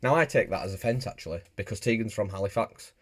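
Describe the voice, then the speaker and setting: A man's voice: lowish voice, fast talker, dry recording. A man from Bradford with a Yorkshire accent, chatting casually and jokily on a live stream while he reads out viewer comments. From Bradford, England. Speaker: motorbike streamer.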